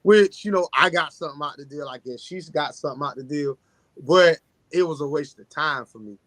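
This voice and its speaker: A man co-hosting a casual chat show, tired and talking in a low-key monotone. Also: fairly quick, dry recording. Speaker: podcast co-host.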